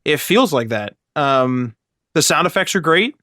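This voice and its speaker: A man's voice: fairly high pitch, very animated, unhurried, bright, forceful tone, dry recording, clean studio sound. A man casually chatting about video games on a podcast, rambling with lots of fillers. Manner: rambling, filler-heavy, acts out voices when retelling. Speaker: podcast co-host.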